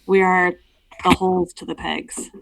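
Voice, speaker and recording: A woman's voice: fairly low pitch, little pitch movement, creaky, fairly bright tone, poor audio. Giggly woman podcast co-host. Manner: giggly, quick to laugh. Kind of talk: casual chat.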